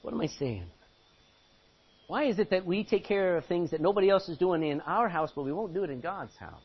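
A man's voice: high-pitched, quick pace, slightly rough. A man preaching a sermon, exhorting the congregation with rhetorical questions, in a muffled lo-fi recording. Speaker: pastor.

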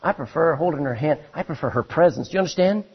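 A man preaching a sermon, reading scripture aloud and swinging between loud emphasis and hushed asides. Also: fairly high pitch, expressive, quick pace, breathy edge, dull audio.

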